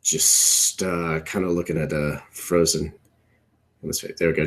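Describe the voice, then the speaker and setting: A young man co-hosting a podcast from his computer at home, riffing in casual chat with strong opinions and rambling asides that trail off low. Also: flat delivery, unhurried. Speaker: podcast co-host. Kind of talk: casual wrestling riff commentary.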